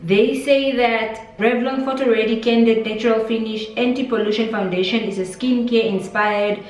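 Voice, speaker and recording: A woman's voice: a little high, steady tone, moderate pace, highs cut off. A woman from Namibia hosting a casual makeup review vlog, chatty and rambling with many fillers. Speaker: beauty vlogger. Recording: roomy echo, distant mic, faint music.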